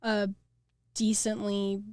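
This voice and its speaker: A young woman with an American accent, a flower farm owner chatting as a guest, animated and full of "like" fillers. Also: medium pitch, slow, smooth, dry recording, studio quality. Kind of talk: casual interview chat.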